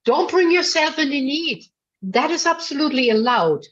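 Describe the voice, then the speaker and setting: Woman vocal coach giving notes in a masterclass, a bit high, blunt but sweet, lots of darlings, dull lo-fi sound. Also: lively intonation, normal speed, a bit bright. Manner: frank and affectionate, keeps calling the singer darling; blunt, chatty, full of fillers. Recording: dull lo-fi recording.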